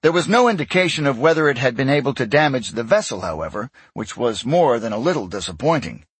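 A male audiobook narrator with a husky, mid-range voice delivers scripted narration in steady, measured storytelling. There's no echo.

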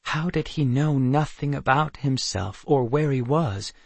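A man reading a storybook aloud at a slow, deliberate pace, recorded close and dry with no room sound. His pitch sits in the ordinary male middle and his delivery is measured and even. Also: vocal fry, slightly rough, no echo. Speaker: audiobook narrator. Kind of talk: scripted narration.

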